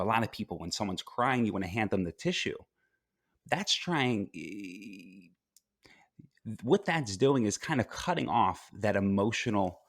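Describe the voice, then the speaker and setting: A man working as a life coach, speaking calmly and reflectively as a guest in a podcast interview, with frequent fillers and restarts. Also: lowish voice, no room sound, clean studio sound. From United States.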